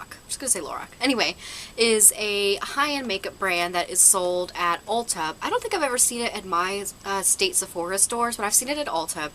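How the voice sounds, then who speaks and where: A woman's voice: mid-range voice, pushed and bright, a little hiss or hum, low-quality recording. A woman doing a casual makeup haul review, chatty and hesitant, with lots of fillers and self-corrections. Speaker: beauty vlogger.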